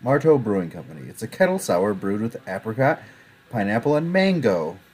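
Brief: male co-host, lower voice with a lively swing, relaxed banter. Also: brisk, slightly rough. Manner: easygoing, laughs often. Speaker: podcast co-host. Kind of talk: casual chat.

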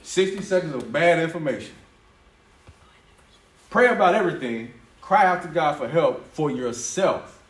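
A man preaching a conversational sermon, lively and quick to laugh, acting out the voices he quotes. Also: a little high. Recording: roomy echo from a distance, faint ambience.

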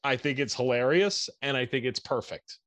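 A man's voice: mid-range voice, moderate pace, a bit bright, dry recording. Candid rambling male podcast co-host. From United States. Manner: candid, self-deprecating, rambling with profanity. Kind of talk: casual chat.

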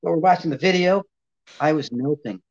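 An older man, a ventriloquist appearing as an interview guest, tells a long anecdote and animatedly acts out the voices of the people in it. His voice is on the high side and brisk, and the audio is dull and lo-fi.

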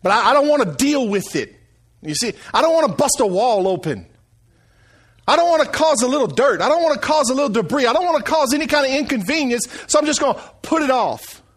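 Middle-aged man, high-pitched, folksy pastor preaching conversationally. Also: expressive, fast talker. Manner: folksy, conversational preaching with call-outs to the congregation. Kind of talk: sermon.

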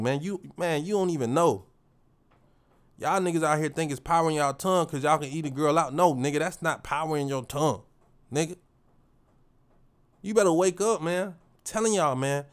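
A man hosting his own podcast, giving a motivational monologue in a preachy, slang-heavy way and repeating phrases for emphasis. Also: on the high side. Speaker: podcast host.

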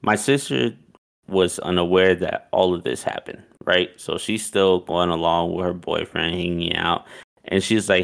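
A man's voice: deep voice, steady tone, measured pace, gravelly. A young man casually telling a story, loose and profane, with "like" in nearly every line. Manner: loose and profane, heavy use of "like".

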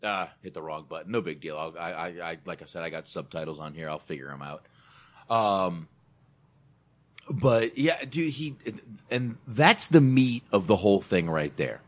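Man, podcast host, casual chat, emphatic, swearing, deep voice, animated. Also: normal speed. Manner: emphatic, swears, says "dude" a lot.

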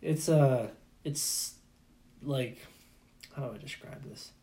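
A man's voice: mid-range voice, takes it slowly, mellow. A young man with a plain mid-range voice, chatting casually. He hesitates and trails off often, reaching for words with fillers. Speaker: podcast co-host. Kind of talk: casual chat.

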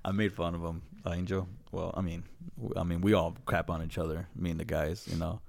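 A man's voice: sits low, level tone, brisk, gravelly, a little mellow. A young man co-hosting a podcast in casual, profane banter, laughing often. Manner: laughing, joking, swearing often. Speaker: podcast co-host.

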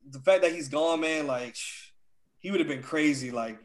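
A man's voice: a little high, moderate pace. A young man chatting casually as a podcast co-host, laid-back and slangy. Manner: laid-back slangy talk, says "dog" a lot. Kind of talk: casual chat.

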